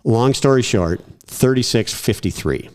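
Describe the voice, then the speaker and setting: A man in a podcast interview, telling animated anecdotes with laughs and quoted voices. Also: mid-range voice, measured pace, slight background noise. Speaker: podcast guest. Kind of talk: casual storytelling.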